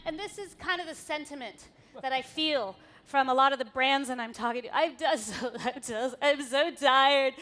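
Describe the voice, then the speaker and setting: A woman's voice: sits high, pushed and bright. A woman giving a candid, wry conference talk on stage, swearing casually as she goes through her slides. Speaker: conference speaker.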